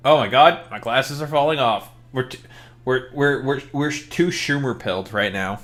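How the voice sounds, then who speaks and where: A man's voice: mid-range voice, normal speed, fairly bright tone. A man streaming while he plays a game, chatting casually in joking, profane rants. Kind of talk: casual gameplay chat.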